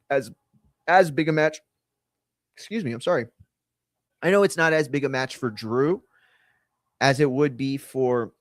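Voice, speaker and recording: A man's voice: mid-range voice, no room sound. Chatty man rambling over a live show. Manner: rambling, self-correcting, conversational. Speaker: host. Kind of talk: live watch-along commentary.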